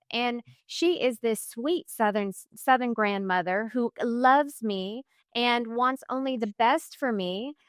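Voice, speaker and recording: A woman in her forties, a running coach, talking casually as an interview guest, lively and laughing often. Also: on the high side, smooth, no echo, studio quality. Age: 40s. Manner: lively, laughs often, acts out quoted voices.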